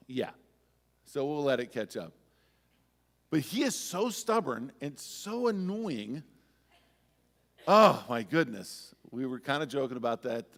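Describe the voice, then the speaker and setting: A male pastor giving a sermon in a conversational, storytelling way with touches of humor. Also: mid-range voice. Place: church sanctuary. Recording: church sanctuary with long reverb.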